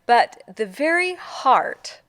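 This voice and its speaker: An older woman co-hosting a church ministry talk show, telling stories warmly with easy laughter. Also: high-pitched, big pitch swings, takes it slowly, dry recording. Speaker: co-host. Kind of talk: conversational church podcast.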